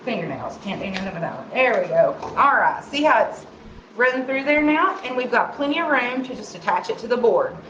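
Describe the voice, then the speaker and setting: A woman's voice: a little high, animated, fairly quick, background noise. A woman hosting a live craft demonstration, chatty and sing-songy, talking to herself as she works. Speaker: craft tutorial host. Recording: roomy, slightly dull sound.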